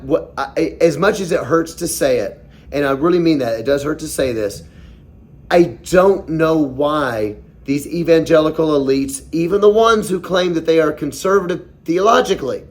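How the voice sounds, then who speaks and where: Impassioned high-pitched gravelly man host. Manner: impassioned, rhetorical questions, mocking put-on quotes. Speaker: podcast host. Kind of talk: opinionated commentary monologue.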